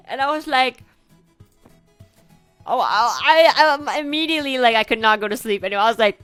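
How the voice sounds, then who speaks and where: Rambling young woman with a smooth voice. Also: high voice, lively intonation, moderate pace, a bit bright, no room sound, soft background music. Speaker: streamer. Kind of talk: storytelling to a live audience.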